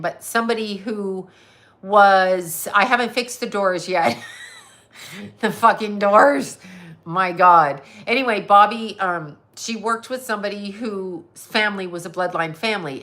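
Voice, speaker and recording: A middle-aged Canadian woman, a psychic medium, hosts a casual livestream in a mid-range, slightly bright voice. She rambles from one tangent to the next, swears freely and answers chat comments along the way.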